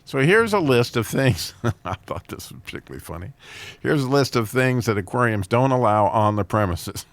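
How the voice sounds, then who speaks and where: A man's voice: medium pitch, big pitch swings, moderate pace, no room sound. A man reading jokes and funny stories as host, chuckling at his own punchlines and raising his voice for quoted characters.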